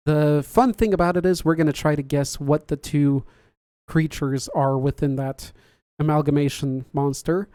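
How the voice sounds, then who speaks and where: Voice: mid-range voice, fairly even intonation, moderate pace, warm tone, dry recording, clean studio sound. A podcast host chatting casually on a livestream, reading viewer comments aloud, laughing often and joking about their own slips.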